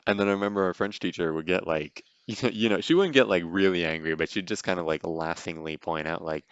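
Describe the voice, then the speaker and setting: Deep-voiced man rambling through a movie. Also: animated, fast, hardly any pauses, clean tone, no room sound, muffled recording. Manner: rambling, full of "like" and "you know". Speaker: podcast host. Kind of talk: casual movie reaction commentary.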